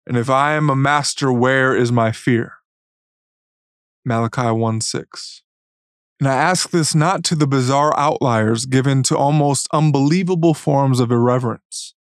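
A man giving a solemn, measured devotional reading in an earnest tone. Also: medium pitch, no echo, clean studio sound. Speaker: Christian writer.

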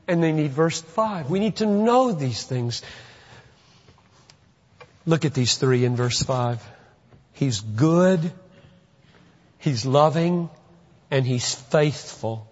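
A man preaching a sermon as a pastor, earnest and building to fervent emphasis. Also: mid-range voice. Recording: dull, lo-fi recording in a reverberant hall.

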